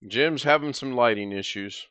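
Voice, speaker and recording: A man's voice: medium pitch, moderate pace, fairly bright tone, clear, resonant tone, dry recording. A man hosting a casual video-call livestream, talking in an easygoing, rambling way and thinking aloud. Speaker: host.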